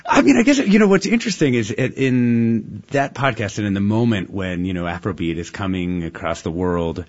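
Thoughtful male host, lively intonation. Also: lowish voice, a little fast, dull audio. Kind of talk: casual interview.

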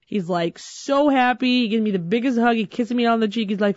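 A young adult woman comedian telling a personal story on stage, animated and acting out the other people's voices. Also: medium pitch, normal speed, dry recording, highs cut off. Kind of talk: stand-up storytelling.

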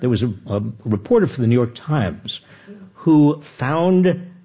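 An older man talks with a husky edge and swinging pitch. He tells self-deprecating stories with many restarts. The recording sounds dull and lo-fi. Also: unhurried. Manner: animated, self-deprecating anecdotes with frequent restarts. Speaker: guest author. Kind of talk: conversational storytelling.

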